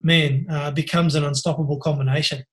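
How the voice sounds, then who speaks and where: An Australian man, a podcast guest, telling lively stories over a video call and laughing often. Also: a little high, fairly quick. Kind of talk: casual storytelling interview.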